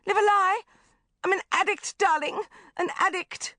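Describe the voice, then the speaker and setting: A woman voicing a theatrical, self-dramatizing middle-aged mother who gushes and drops into breathy whispers. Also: very high-pitched, a little slow, bright, forceful tone, dry recording, studio quality, pitched above the performer's own voice, full character voice. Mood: histrionic. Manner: histrionic, gushing, swinging into breathy whispers.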